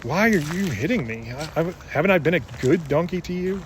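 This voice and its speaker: A man's voice: on the high side, lively intonation, a little fast, a little hiss or hum, close to an everyday voice. A man voicing a loyal donkey that asks plaintively why it is being beaten. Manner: paraphrased plaintive questions.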